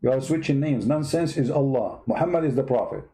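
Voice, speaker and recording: A man's voice: medium pitch, brisk, warm tone, rough recording. A man from the Middle East hosting a religious debate video, giving a sarcastic, mocking comedic monologue.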